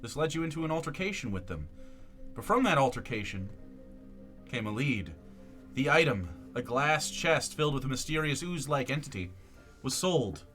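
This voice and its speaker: A man's voice: mid-range voice, a bit bright. Man narrating a fantasy game recap. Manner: dramatic storytelling recap. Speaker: game master.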